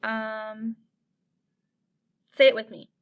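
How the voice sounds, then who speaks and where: A woman's voice: on the high side, little pitch movement, clean tone, highs cut off. Upbeat woman teaching young kids. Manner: upbeat, encouraging, chants rhymes slowly for children to repeat. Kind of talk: online lesson for young children.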